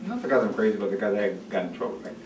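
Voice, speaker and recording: A man's voice: lowish voice, racing, noisy background. A man from Jamaica, telling an anecdote in an interview and acting out the quotes. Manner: animated anecdote with acted-out quotes. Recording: roomy, distant recording.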